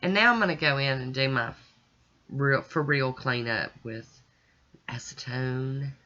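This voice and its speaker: A woman's voice: rumbling low, unhurried, pushed and bright. A woman vlogger chatting casually through a nail art tutorial and talking straight to her viewers in a folksy, homey way. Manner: chatty, folksy, talks to viewers while working. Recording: dull lo-fi recording.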